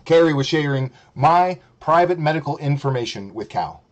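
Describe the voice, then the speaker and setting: A man's voice: fairly high pitch, lively intonation, moderate pace, muffled recording. A man hosting a stream, ranting in blunt, profane, mocking commentary. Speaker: streamer host.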